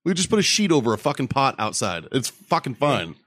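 A man's voice: medium pitch, very animated, fairly quick, fairly bright tone, dry recording. Podcast co-host, man from nebraska, swears a lot and gets fired up, dry close sound. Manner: profane, heated storytelling. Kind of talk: casual chat.

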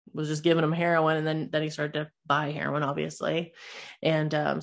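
A young adult woman, telling a personal story in a candid, rambling way, swearing freely and using lots of fillers. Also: low-pitched.

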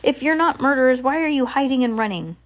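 A woman's voice: medium pitch, animated, moderate pace, close to an everyday voice. Woman doing a sneery delivery guy in a storybook, blunt and smug. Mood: sneering. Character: sneering adult male delivery man.

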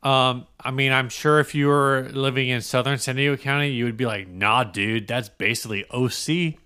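A man's voice: mid-range voice, steady tone, moderate pace, pushed and bright, clear, resonant tone. A man co-hosting a podcast in casual chat, rambling and wry, with many hesitations. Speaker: podcast co-host.

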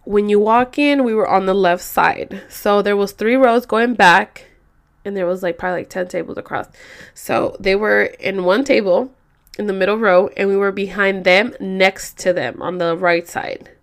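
A woman's voice: mid-range voice, fairly even intonation, moderate pace, creaky. A woman, casually telling a rambling, profane story to her viewers. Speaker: vlogger.

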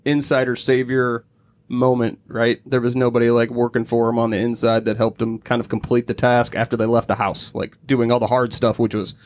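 A man talking casually on a podcast, walking through a TV episode scene by scene. He tells it as a story, swears freely and laughs often. His voice sits at a middle pitch. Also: slight background noise. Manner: animated storyteller, acts out characters' lines in put-on voices. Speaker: podcast co-host. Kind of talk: casual chat recapping a TV episode.

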